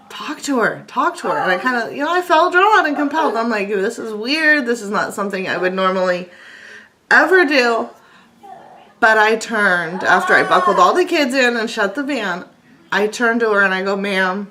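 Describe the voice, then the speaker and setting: A woman's voice: on the high side, pushed and bright. A woman in her thirties hosting a casual devotional talk, telling a personal story earnestly and reading scripture aloud. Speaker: channel host.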